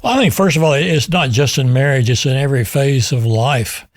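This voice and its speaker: An older man from Texas, a podcast guest and author, answering in a measured, reflective way. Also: medium pitch, no echo, clean studio sound. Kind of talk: interview answers.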